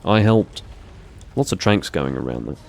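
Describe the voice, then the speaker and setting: Deep gravelly man narrating gameplay. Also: sing-song, normal speed, darkish tone, a little hiss or hum. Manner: dry, rambling, self-deprecating asides. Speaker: gaming streamer. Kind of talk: live gameplay commentary.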